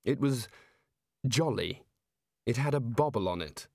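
A man narrating a comic fantasy audiobook in a measured, deadpan way. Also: medium pitch, vocal fry, no echo, clean studio sound.

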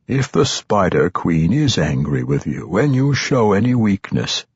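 A man playing an old, sly archmage who mocks calmly and speaks slowly. His voice is deep, husky and dry. The audiobook sound is dull and lo-fi. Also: no echo, exaggerated voice. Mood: wry. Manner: dry, slow and mockingly calm. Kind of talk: audiobook character voice. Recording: dull lo-fi recording.

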